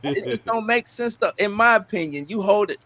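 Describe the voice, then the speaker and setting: A man co-hosting a casual entertainment news chat, lively and argumentative. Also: high voice, brisk. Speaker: podcast co-host.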